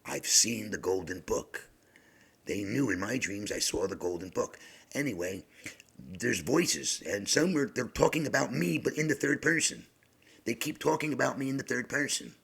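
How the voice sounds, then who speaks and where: A middle-aged man telling a long personal story in a rambling, halting way, often sinking into a hushed whisper. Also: medium pitch, animated, vocal fry, slightly rough. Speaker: podcast host.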